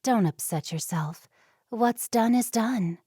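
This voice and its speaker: A woman voicing a kind young Amish woman in an audiobook, speaking softly and reassuringly. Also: fairly high pitch, lively intonation, slow pace, slightly rough, no room sound, studio quality, exaggerated voice. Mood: gentle.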